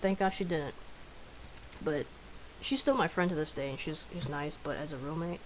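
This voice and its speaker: A woman's voice: sits low, moderate pace, a little hiss or hum, poor audio. A young woman telling stories casually on a live stream, chatty and profane, laughing often.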